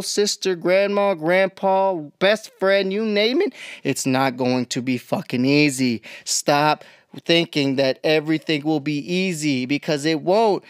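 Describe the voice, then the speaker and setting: A woman's voice: fairly low pitch, dry recording, studio quality. A woman hosting a podcast, ranting bluntly with heavy swearing and exasperation. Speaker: podcast host. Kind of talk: ranting monologue.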